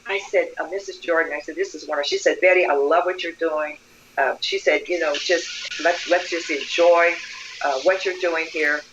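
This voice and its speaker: Older woman telling lively stories. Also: deep voice, normal speed, dull audio, slight background noise. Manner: animated storyteller, acts out quoted dialogue. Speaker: guest, community leader. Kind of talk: storytelling interview.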